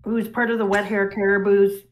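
A middle-aged woman from Canada co-hosting a casual chat, animated and blunt, swearing freely. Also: medium pitch, normal speed, lo-fi sound. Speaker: co-host.

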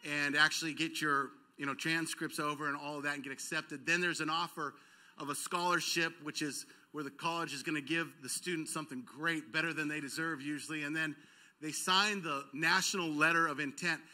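A man's voice: on the high side, fairly even intonation, fairly quick, pushed and bright. A man in his thirties, a pastor preaching a sermon, telling stories and acting out dialogue, building to emphatic peaks. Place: church auditorium.

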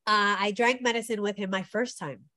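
A woman's voice: mid-range voice, fairly quick. A woman who leads spiritual retreats, talking in a casual chat and animatedly acting out the people in her stories. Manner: animated storyteller who acts out quotes. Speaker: retreat leader and spiritual guide.

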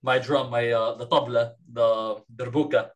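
A man's voice: medium pitch, fairly even intonation, measured pace, poor audio. A man from Palestine, a podcast guest, retelling a story in a casual, rambling, profane way.

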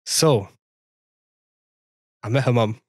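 A man's voice: mid-range voice, slow, no room sound, clean studio sound. A young man, a podcast guest chatting through a personal story and laughing often. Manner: chatty, laughs often while telling stories. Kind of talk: casual storytelling in an interview.

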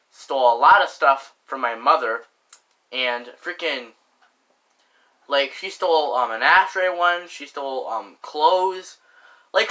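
A man's voice: on the high side, bright, forceful tone, low-quality recording. A young man ranting to camera in a casual, indignant monologue, full of fillers and mild swearing. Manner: indignant, repeats "frickin'" and "like" often, lots of filler. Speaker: vlogger.

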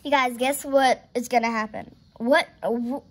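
A woman's voice: on the high side, steady tone, unhurried, slight background noise. A woman reading a children's picture book aloud, playful and exclaiming, turning to chat with her viewers between pages. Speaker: storyteller.

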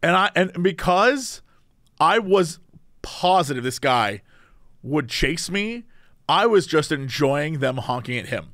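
A podcast co-host tells a story in a loose, casual way, animated and full of restarts. His voice sits high for a man. It sounds dry and close, as if recorded on a studio mic. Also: takes it slowly, no room sound. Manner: animated, rambling, self-interrupting.

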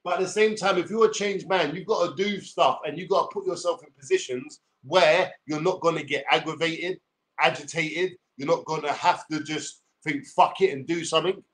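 A man with a London accent, in his forties, rants on a livestream in a combative, profane way, full of street slang. His voice sits slightly high for a man. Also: normal speed, fairly bright tone. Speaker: YouTuber. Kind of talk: livestream rant.

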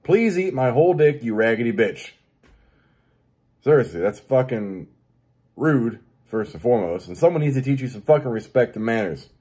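A show host delivers a profane comedic rant in a sing-song manner at a moderate pace, his tone darkish and breathy. He rails against daily annoyances with constant swearing and mocks others by mimicking them in a high voice.

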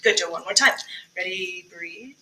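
Recording by herself for a virtual choir, a woman explains diction and breathing and sings short phrases to illustrate between her coaching tips. Her fairly low voice is pushed and bright at a moderate pace, and the audio is poor.

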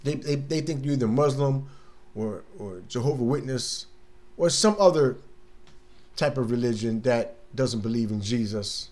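A man's voice: medium pitch, moderate pace, a little mellow. A man hosting a casual radio talk monologue, laid-back and chatty, often laughing and acting out little scenes from his day. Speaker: radio show host.

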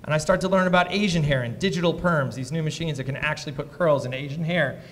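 A man who invests in startups, speaking as a fireside chat guest before a live audience, blunt and profane as he tells lively anecdotes. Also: a little high, quick pace, big-room sound. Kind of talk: candid onstage storytelling.

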